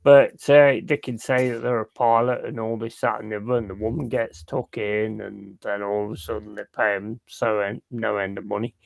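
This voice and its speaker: A man's voice: fairly low pitch, flat delivery, normal speed, gravelly, hardly any pauses, no room sound. A man hosting a casual chat, blunt and swearing freely. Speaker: host.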